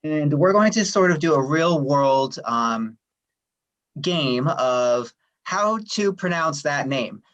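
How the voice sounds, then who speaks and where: A man presenting at a staff workshop, explaining at a steady, friendly pace with frequent "um" fillers. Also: on the high side, slow, muffled recording. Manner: friendly, even, many "um" fillers. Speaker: workshop presenter, administrative assistant. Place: online workshop session.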